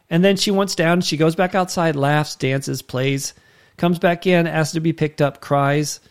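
A man preaching, telling a personal story with lively quoted dialogue and emphatic turns. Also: fairly high pitch. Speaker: pastor. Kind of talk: sermon storytelling.

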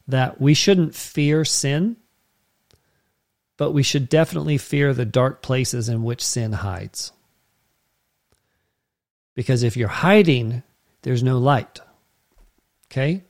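A man preaching a sermon as pastor, in a conversational way that keeps checking in with the listeners. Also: medium pitch.

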